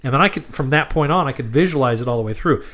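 A man co-hosting a podcast, chatting casually, quick to laugh and prone to restarting his sentences. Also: mid-range voice, lively intonation, a bit bright. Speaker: podcast co-host. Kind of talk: casual chat.

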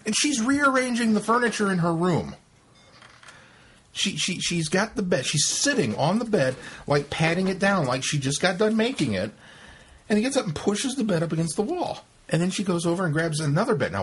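Animated male co-host, retells scenes with quick asides, lively pitch swings, slight background noise. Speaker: podcast co-host. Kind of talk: casual chat.

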